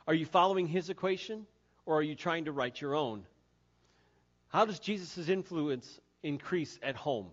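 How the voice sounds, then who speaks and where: Male pastor, high voice, earnest sermon delivery, dull lo-fi recording. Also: moderate pace. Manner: earnest, repeating key phrases, drops soft and low for emphasis.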